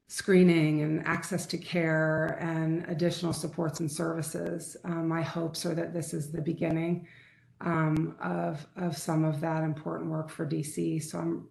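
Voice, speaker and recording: Gravelly low-voiced woman, very flat delivery. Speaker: perinatal mental health clinician. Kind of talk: task force introduction. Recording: echoey meeting room.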